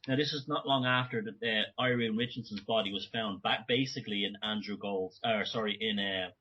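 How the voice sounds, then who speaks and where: A man's voice: on the low side, fairly quick, sharp tone, dull audio, slight background noise. A man speaking as a guest in an interview, talking in long rambling runs with many restarts and self-corrections. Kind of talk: remote conversational interview.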